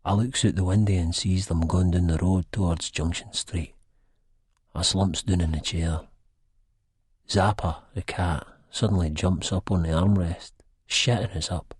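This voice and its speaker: Husky deep-voiced Scottish man narrating. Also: fairly even intonation, moderate pace, darkish tone, no room sound, clean studio sound. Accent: Scottish, Edinburgh. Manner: rambling, slangy storyteller with a wistful edge. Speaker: audiobook narrator. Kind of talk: first-person audiobook narration in dialect.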